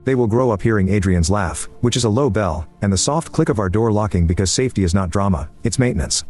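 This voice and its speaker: A male narrator reads a scripted first-person story in a steady, even, measured way, dropping in dry similes. His delivery is brisk and his register slightly low, with faint music in the background.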